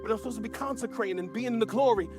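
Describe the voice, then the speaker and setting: A man's voice: extremely high pitch, rapid-fire, over music. A man preaching a sermon as pastor to a church gathering, impassioned, often stammering and restarting mid-sentence.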